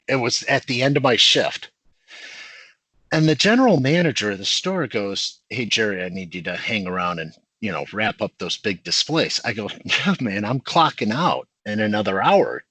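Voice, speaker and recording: Husky middle-aged man telling stories. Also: fairly low pitch, no room sound, low-quality recording. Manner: animated anecdote teller who laughs through his story. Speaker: podcast guest. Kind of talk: casual storytelling among old friends.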